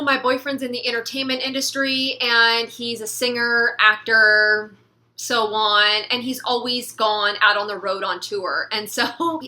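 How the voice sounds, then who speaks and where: A woman's voice: a little high, bright, forceful tone. A young woman vlogging in a casual, rambling chat to camera, laughing often and filling with "like". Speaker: beauty vlogger.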